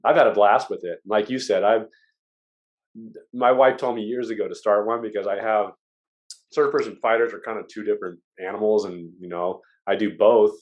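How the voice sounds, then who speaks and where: A man chatting as a podcast guest, telling lively stories and acting out what people said. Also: lowish voice. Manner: lively storyteller who acts out quotes. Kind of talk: casual chat.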